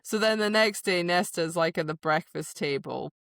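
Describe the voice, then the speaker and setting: A woman with a fairly low voice chats casually on a book podcast, recorded close and dry with no room sound. She retells scenes with animation, slips into quoted lines and laughs often. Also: moderate pace, creaky, a bit bright, dry recording. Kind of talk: casual book discussion chat.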